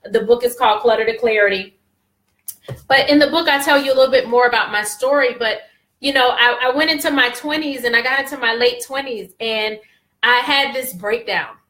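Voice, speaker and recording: A woman's voice: fairly high pitch, a little fast, a bit bright, reverberant. A woman in her thirties, a life coach giving an emphatic motivational talk with preacher-like repetition, speaking straight to listeners.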